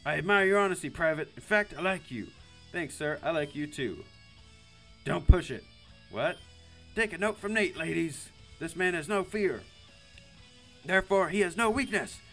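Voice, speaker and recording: A man's voice: fairly high pitch, expressive, moderate pace, pauses often, pushed and bright, soft background music. A man voicing a foul-mouthed adult male drill-sergeant teacher who barks insults and orders in a visual novel. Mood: gruff. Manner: barking orders, insulting, commanding.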